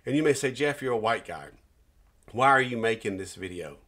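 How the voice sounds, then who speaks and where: A middle-aged man, a Christian minister, giving an earnest personal testimony, with pauses and restarts as he tells a story. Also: medium pitch, animated, a bit bright.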